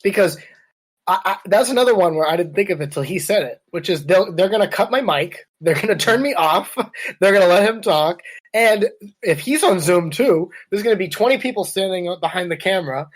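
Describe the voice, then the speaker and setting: A man's voice: high voice, animated, a little fast. A man co-hosting a podcast, chatting casually and sarcastically about politics over a webcam. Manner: riffing, sarcastic, puts on quoted voices. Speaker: podcast co-host.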